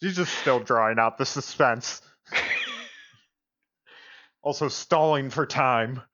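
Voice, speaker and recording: Man player, casual tabletop chat, joking, mid-pitched, muffled lo-fi. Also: takes it slowly, pushed and bright. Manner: laughing, joking. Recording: slightly muffled lo-fi audio.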